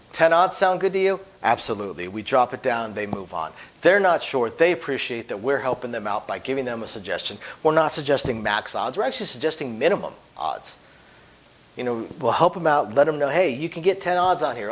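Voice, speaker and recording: A man who deals craps, giving an emphatic instructional talk whose phrases often fade to a quiet drop at the end. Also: mid-range voice, poor audio. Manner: emphatic, voice drops off at phrase ends.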